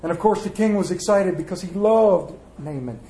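A man preaches in a high, light voice, spinning folksy stories and slipping into the voices of their people. The sound rings around an echoey church room. It feels like a live sermon from the pulpit. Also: normal speed, warm tone, a little hiss or hum. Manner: folksy storytelling, acts out voices. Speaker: pastor.

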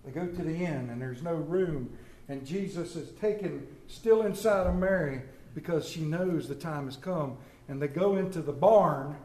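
A male preacher giving a sermon in a hushed, dramatic storytelling manner. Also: fairly high pitch, moderate pace. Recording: echoey room.

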